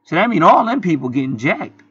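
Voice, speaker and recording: A man's voice: fairly high pitch, sing-song, a little fast, a bit bright, husky, no room sound, lo-fi sound. A man telling a story in a casual, heated monologue, swearing often and rambling with many restarts. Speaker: channel host.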